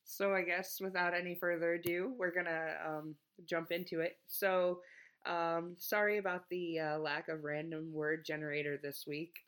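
A man's voice: a little high, little pitch movement, normal speed, a bit bright, clear, resonant tone. A man co-hosting a comedy podcast in casual chat, often laughing and hesitating with ums. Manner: giggly, hesitant, lots of ums. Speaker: podcast co-host.

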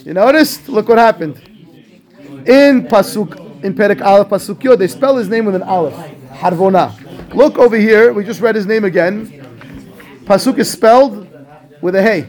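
A man, a rabbi, teaching a class on a scriptural text, asking questions and answering them himself in a lively way. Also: sits high, moderate pace. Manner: animated, asks and answers his own questions. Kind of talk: Torah class commentary.

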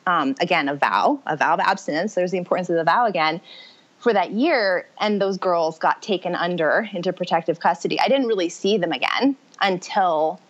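A woman with a fairly low voice shares her personal story as a podcast guest, circling back and restarting her sentences as she talks. The sound is dull and lo-fi, with the top end cut away. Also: brisk. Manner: rambling, self-correcting, animated storytelling. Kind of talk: personal testimony in conversation. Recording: muffled lo-fi audio.

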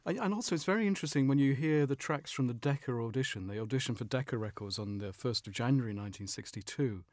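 British male music journalist, mid-pitched, explanatory chat, dry booth sound. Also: dry recording. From Britain. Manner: measured storytelling, explanatory. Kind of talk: conversational discussion.

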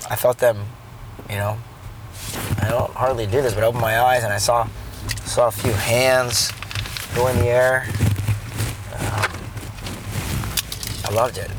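A man talks as he drives, earnest and rambling, often circling back and restarting a thought. His voice sits at an ordinary middle pitch, and faint road noise hums underneath. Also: gravelly. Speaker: father telling his day. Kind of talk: casual storytelling while driving. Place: in a car.

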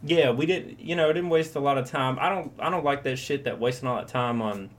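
A man's voice: mid-range voice, brisk, a little hiss or hum. A young man co-hosting a casual chat, rambling and profane, acting out quoted lines as he tells stories. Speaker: podcast co-host.

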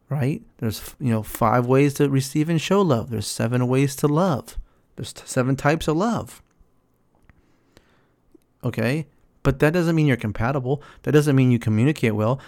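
Man, casual relationship talk, emphatic, repeats himself, mid-pitched voice. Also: darkish tone. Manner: repetitive, emphatic, acts out quotes in a higher voice. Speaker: relationship commentator.

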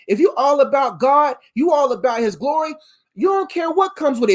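A woman preaching a sermon in an animated, emphatic way, using slang and calling her listeners "fam.". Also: sits high.

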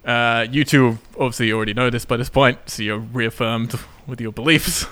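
Excitable man recapping a film plot. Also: medium pitch, normal speed. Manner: excitable, laughs often while recapping. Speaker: podcast co-host recapping a film. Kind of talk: casual chat.

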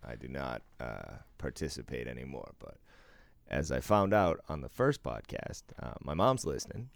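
A man's voice: rumbling low, big pitch swings, moderate pace, creaky, no room sound, studio quality. A middle-aged man co-hosting a casual podcast chat, laid-back, swearing freely and laughing often. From eastern US. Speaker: podcast co-host.

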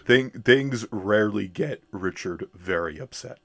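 A man co-hosting a podcast in casual chat, animated and laughing often, with quick bursts of mimicry. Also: on the low side, vocal fry. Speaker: podcast co-host.

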